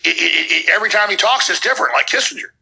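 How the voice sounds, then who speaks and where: Gravelly, tense ranting male podcaster. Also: high voice, lively intonation, fast talker, bright, forceful tone, poor audio. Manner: heated, sarcastic, emphatic. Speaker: podcast host. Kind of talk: ranting commentary over clips.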